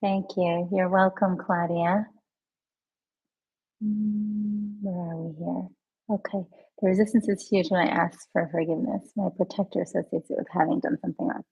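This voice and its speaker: A woman teaching a live online healing lesson. She talks straight to her viewers, answers their comments, and repeats soothing healing phrases slowly and gently. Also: lowish voice, fairly even intonation, creaky, husky, dull audio. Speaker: emotional healing coach.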